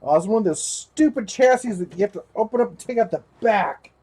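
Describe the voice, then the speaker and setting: A man's voice: high voice, animated, a little fast, mellow, slightly rough. A man hosting a livestream while rebuilding a computer, chatting casually, talking to his parts and his dog. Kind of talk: casual live tech narration.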